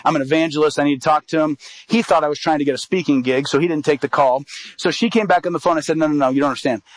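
This sermon comes as storytelling from an evangelist in his thirties with a fairly high-pitched voice. He recounts a personal story and performs the quoted lines, captured in a dry, rough recording.

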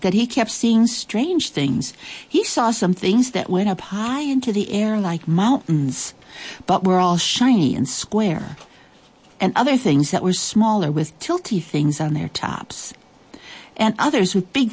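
A woman reading a children's story aloud, expressive and deliberate. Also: medium pitch, slightly rough.

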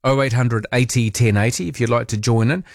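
A man's voice: mid-range voice, brisk, gravelly, no room sound. A male late-night radio host, chatty and opinionated, tossing off sarcastic asides. He speaks close to the studio mic, so his voice sounds dry and direct. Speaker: radio talk show host.

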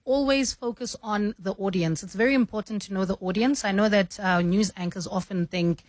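A woman, a news anchor and mentor, explaining her craft in a measured way and often saying "you know". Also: medium pitch, slight background noise. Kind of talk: radio studio conversation.

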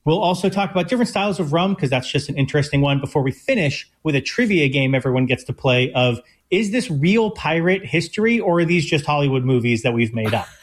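Man, chef co-host, slightly high voice, eager, explanatory, casual radio chat. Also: expressive. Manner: eager, explanatory, quick bursts.

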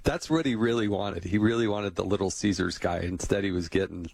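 Chatty low-voiced man hosting a podcast. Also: fairly quick, vocal fry, darkish tone, dry recording. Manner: chatty, anecdotal, laughs easily. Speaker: podcast host. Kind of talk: casual interview chat.

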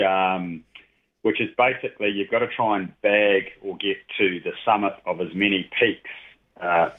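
A middle-aged man chatting casually on radio as a regular guest, rambling with many fillers. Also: low-pitched. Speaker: regular guest, heritage train operator. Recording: tinny phone line.

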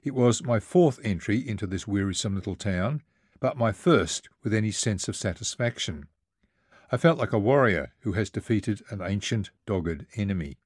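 A man with a lowish voice narrates a first-person travel memoir as an audiobook. He reads in a measured, vivid way. The recording is dry, with almost no room sound. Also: lively intonation, dry recording.

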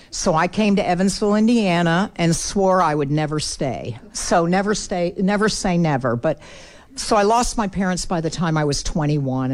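Earnest middle-aged woman telling a story. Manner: earnest, builds emotion, drops low for sad moments. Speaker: guest speaker. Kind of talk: heartfelt storytelling talk.

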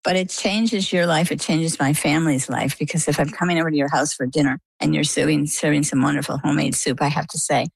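A middle-aged woman from Maine, a guest in an interview, telling her story in a lively, conversational way and acting out the quoted dialogue. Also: deep voice, quick pace, creaky, hardly any pauses, husky, no room sound, rough recording. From Maine, USA.

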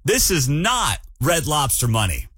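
A man hosting a morning talk radio show, ranting in an animated and incredulous way. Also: a little high, a little slow, husky, dry recording.

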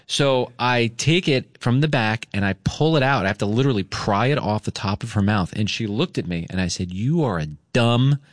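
A man's voice: on the low side, brisk, hardly any pauses, dry recording, clean studio sound. A man hosting a radio morning show, telling a story casually and acting out the voices he quotes. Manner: animated, acts out quoted voices.

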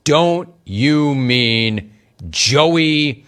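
A man's voice: on the high side, expressive, drawn-out words, a bit bright. A sports talk host, a man with a slightly raised voice, needles opposing fans with a mocking, amused delivery. He keeps reading listener messages off the chat as he goes. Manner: mocking, teasing, laughing at callers; reads chat messages aloud. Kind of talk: sports talk radio commentary.

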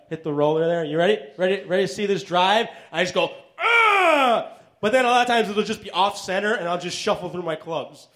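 A man with a high voice doing stand-up in a halting, awkward deadpan. He stumbles through ums and restarts on purpose. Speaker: stand-up comedian. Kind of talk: stand-up comedy set. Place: comedy club stage.

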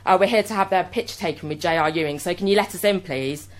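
A woman putting on the voice of an authoritarian entertainment executive with a high-pitched, bell-like voice. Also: fast talker, lightly acted. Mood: pushy. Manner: authoritarian, pushy.

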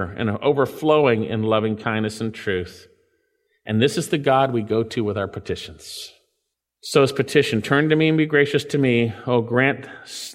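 A male pastor gives an earnest expository sermon. He reads scripture aloud and explains it, often lifting his voice for emphasis and then sinking back down. His mid-pitched voice carries a long reverb, as if heard in a large church sanctuary. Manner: earnest, swells up for emphasis then drops low.

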